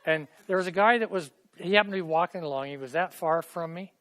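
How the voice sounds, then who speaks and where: Man, middle-aged, language teacher, chatty, repeats phrases, slightly high voice, classroom. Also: fast, a bit bright. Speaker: Hebrew teacher. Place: classroom with students.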